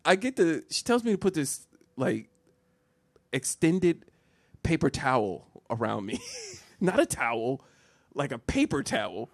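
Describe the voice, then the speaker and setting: A man's voice: fairly high pitch, very animated, measured pace, gravelly, no room sound. A man telling a comic personal story on a podcast, laughing a lot and restarting his sentences. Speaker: podcast co-host. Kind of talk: comedic storytelling chat.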